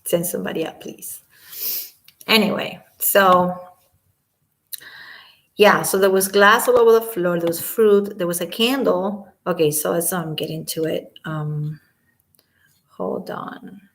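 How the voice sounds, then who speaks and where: Woman with a gravelly fry going off on a case, fired up, keeps repeating herself. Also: on the low side, takes it slowly, pauses often. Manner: indignant, emphatic, repeats herself. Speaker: commentary vlogger. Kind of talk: casual spoken commentary.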